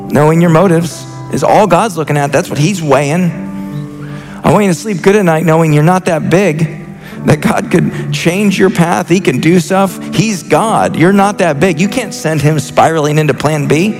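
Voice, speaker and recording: A man in his thirties delivers a sermon in an earnest, impassioned way, his fairly high voice carrying a gravelly edge. He often restarts his sentences as he works through his thoughts. The words ring out through a reverberant church hall with faint music underneath. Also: moderate pace, darkish tone. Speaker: senior pastor. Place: church sanctuary.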